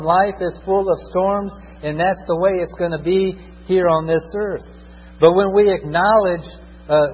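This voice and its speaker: A man's voice: sits high, husky. A man preaching a sermon as a pastor, emphatic, often checking in with the congregation. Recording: dull echoing hall recording.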